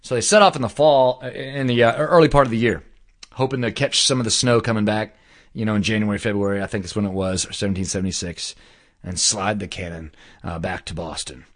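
A man telling a story in casual chat, animated and slangy, swearing now and then. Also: fairly low pitch, fairly quick.

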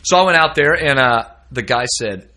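A man's voice: mid-range voice, moderate pace, crowd noise. A man hosting a casual chat with a fellow musician, telling stories and acting out the voices of the people in them. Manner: animated storyteller, acts out quoted voices. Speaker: host. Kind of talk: casual conversation between musicians.

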